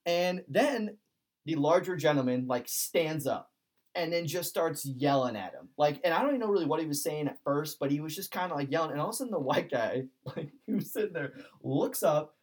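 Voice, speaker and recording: A man's voice: a little high, lively intonation, fairly quick. A young man telling a story in a casual chat, rambling with many fillers and acting out what people said. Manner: rambling, lots of "like", quotes people in voices. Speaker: podcast host.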